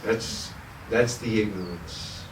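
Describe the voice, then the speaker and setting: A man who teaches spirituality tells a parable in a playful, humorous way, speaking very slowly in a slightly high voice. The recording is roomy and echoey, with the mic set well back from him. A faint background hiss runs underneath. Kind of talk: storytelling talk to a small audience. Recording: roomy echo, distant mic.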